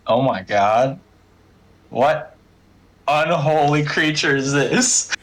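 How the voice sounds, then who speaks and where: A man playing a tabletop game, excitable and laughing, swearing freely. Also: on the high side, slow pace, slight background noise. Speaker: player.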